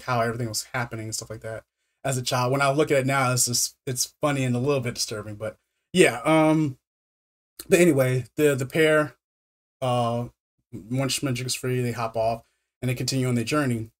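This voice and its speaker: A man reviewing a film in a casual recap, stammering and repeating words with many fillers. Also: medium pitch.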